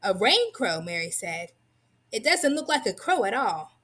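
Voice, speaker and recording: A woman reading a children's tall tale aloud. Her storytelling is expressive and lively. Her voice sits a little high. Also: a little slow. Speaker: reader.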